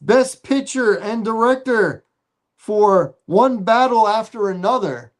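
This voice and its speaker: A man co-hosting a podcast in a casual, measured way, recapping the news. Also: high-pitched, expressive. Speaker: podcast co-host.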